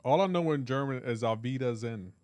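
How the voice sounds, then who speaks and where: A male game streamer talking casually with his live chat, quick to joke and tease. His voice sits in a middle range and comes through a dry, close microphone. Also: medium pitch, darkish tone, no room sound. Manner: joking, reads and answers chat aloud.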